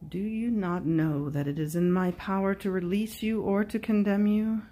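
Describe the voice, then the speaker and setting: A woman voicing Pilate, a wavering Roman governor, as he questions and pleads in a slow, measured way. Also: medium pitch, steady tone, warm tone, natural voice. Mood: pleading.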